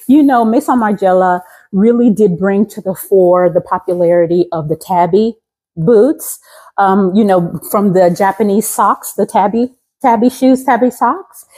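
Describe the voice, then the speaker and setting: A woman in her fifties from Louisiana, raised in Colorado, chatting enthusiastically as a fashion vlogger with the crisp diction of a trained singer, often repeating her phrases. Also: mid-range voice, normal speed, dark tone, poor audio. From Louisiana, raised in Colorado from seventeen. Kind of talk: casual outfit show-and-tell.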